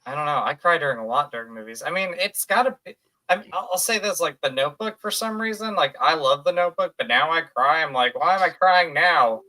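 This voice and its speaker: A young man chats casually on a podcast with a bright, forward voice. He is animated and laughs easily, and he acts out his own reactions as he talks. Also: fairly high pitch, fast. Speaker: podcast co-host. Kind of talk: casual chat.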